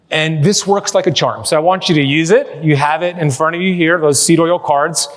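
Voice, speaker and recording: A man's voice: on the high side, normal speed, few pauses. A man giving a live keynote to an audience in a large hall, talking with energy and cracking jokes as he tells stories. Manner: energetic, joking storyteller. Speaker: keynote speaker. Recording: echoey hall reverb.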